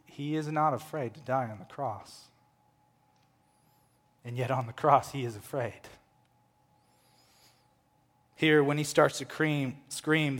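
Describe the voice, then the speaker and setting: A man preaching a sermon, swinging between loud, impassioned proclamation and hushed, quiet lines. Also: mid-range voice. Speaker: pastor. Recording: long hall reverb.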